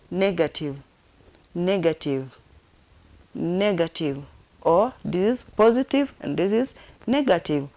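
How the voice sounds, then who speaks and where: Her voice sits on the low side with a darkish tone as she leads a sign language lesson. Each word gets repeated and then spelled out one letter at a time, at a slow, repetitive pace.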